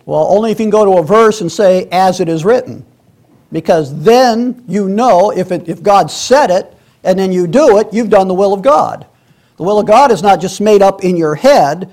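A man's voice: high voice, normal speed, a little mellow. A man teaching a Sunday school class in a church, reading scripture aloud and explaining it in a conversational way, with many restarts and asides.

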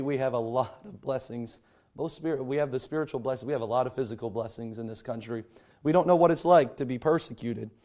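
A male pastor preaching a sermon with a hoarse, strained voice that keeps cracking, clearing his throat and restarting words often. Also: mid-range voice, mellow.

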